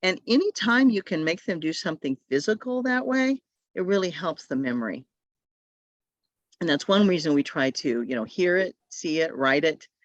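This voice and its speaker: Animated and on the low side, a woman speaks at a normal speed as she trains adult language teachers over video call, demonstrating sounds and mimicking students. There's no echo; the video call audio is dull and dry.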